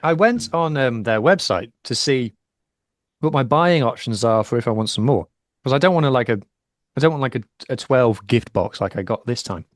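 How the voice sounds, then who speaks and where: A man co-hosting a podcast in casual chat, rambling with fillers and rising in pitch when surprised. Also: animated, moderate pace, no echo, studio quality. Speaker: podcast co-host.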